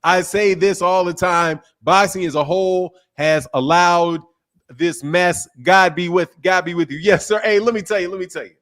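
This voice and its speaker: A man hosting a boxing talk show, excitable and animated, laughing often. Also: high-pitched, moderate pace. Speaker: host. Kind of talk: casual chat.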